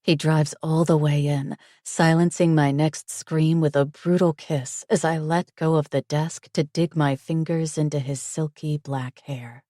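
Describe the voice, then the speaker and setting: Low, slow, intimate woman narrator. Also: steady tone, mellow, dry recording, clean studio sound. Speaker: audiobook narrator. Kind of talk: first-person romance audiobook narration.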